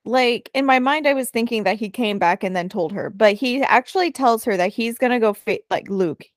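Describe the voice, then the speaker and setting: A woman's voice: a little high, fairly quick, no room sound, studio quality. A woman co-hosting a casual podcast, thinking aloud about a book in a conversational way. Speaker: podcast co-host.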